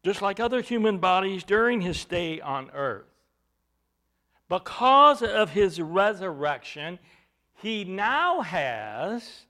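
A man's voice: high-pitched, pushed and bright. A man preaching a sermon, teaching from scripture in an emphatic way, with bursts of volume.

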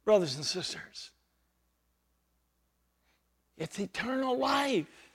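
A man preaching a verse-by-verse sermon, explaining grammar and repeating phrases for emphasis, swinging between loud stressed words and quiet, low asides. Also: very animated, slow, breathy edge. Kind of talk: expository sermon.

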